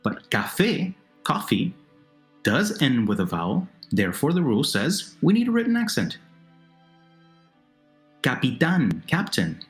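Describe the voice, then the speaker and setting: Lively male teacher explaining slowly. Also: medium pitch. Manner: slow, careful, repeats words for the listener. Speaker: Spanish teacher. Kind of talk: narrated language lesson. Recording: noisy narration with faint music.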